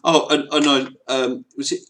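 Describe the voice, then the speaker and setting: An Englishman chats casually on a live call. His voice sits at a middling pitch. He talks haltingly, with lots of ums and restarted phrases. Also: little pitch movement, fairly bright tone. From England. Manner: hesitant, many ums and restarts. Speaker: host.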